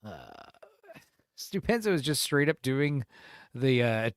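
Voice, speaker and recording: A man's voice: on the high side, animated, moderate pace, pauses often, clean tone, no echo, studio quality. A man hosting a casual podcast, who rambles, teases his co-hosts and laughs often. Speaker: host.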